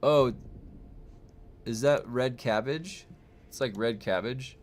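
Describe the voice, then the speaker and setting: A man's voice: medium pitch, slow pace, a little hiss or hum. A young adult man streaming, chatting casually with viewers in a rambling way full of fillers and restarts. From United States. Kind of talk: casual chat reading viewer comments.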